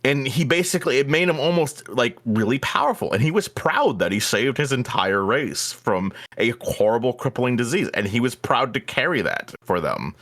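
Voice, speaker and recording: A male streamer ranting in casual chat and swearing freely. His voice sits in a middle pitch but swings up and down a lot, and it climbs high when he gets worked up. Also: big pitch swings, moderate pace, few pauses, fairly bright tone.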